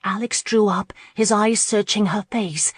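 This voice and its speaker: A woman narrating a romance audiobook in a measured, steady reading voice. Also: mid-range voice, husky, dry recording, clean studio sound. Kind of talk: scripted narration.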